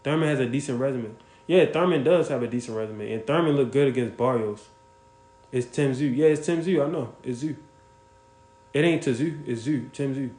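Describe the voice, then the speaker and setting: A man with a mid-range voice hosts a laid-back livestream, speaking briskly, bluntly and with plenty of profanity as he thanks viewers by name. The audio is reverberant.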